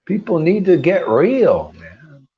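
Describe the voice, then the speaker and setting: A man's voice: high voice, huge pitch swings, takes it slowly. Combative slangy male preacher, dull lo-fi sound. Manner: combative, rhetorical questions, slangy "man". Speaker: spiritual teacher. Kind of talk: informal preaching. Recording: dull lo-fi recording.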